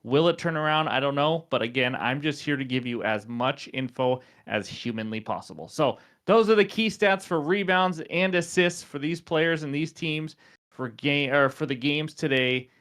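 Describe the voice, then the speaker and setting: A man's voice: on the high side, normal speed, fairly bright tone. A young man hosting a sports betting picks show, chatty and self-deprecating with frequent fillers.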